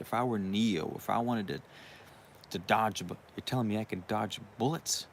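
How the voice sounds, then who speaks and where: A young man with a low, gravelly voice talks through a loose, profane monologue, circling back with asides as he goes. A faint bed of room noise sits under his voice. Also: normal speed. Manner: profane, rambling, uses you know what I mean often. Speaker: channel host. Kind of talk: casual monologue.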